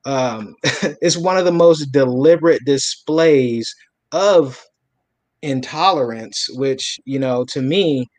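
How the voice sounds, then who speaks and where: A man with a mid-range voice, speaking in a reflective, measured way as he makes his point. The recording is dry and close, with no room sound. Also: medium pitch, a little mellow, no room sound. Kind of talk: casual panel discussion.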